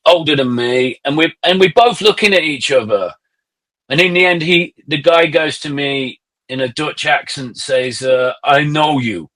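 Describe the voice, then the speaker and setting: A man's voice: on the high side, moderate pace. Middle-aged man telling sweary anecdotes. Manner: animated anecdotes, swears freely. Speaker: podcast guest, musician. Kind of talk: casual conversational storytelling.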